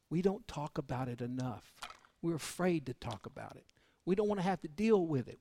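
A man preaching a sermon, telling personal stories in a folksy way, his voice swinging between loud passages and hushed ones. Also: fairly high pitch, lively intonation, a little fast, no room sound.

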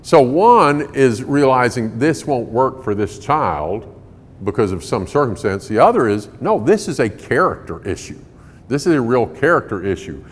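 A man's voice: mid-range voice, sing-song, moderate pace. A man answering parenting questions before a live audience, folksy and emphatic, laughing often. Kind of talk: conversational Q&A talk to a live audience. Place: large hall in a building. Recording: long hall reverb.

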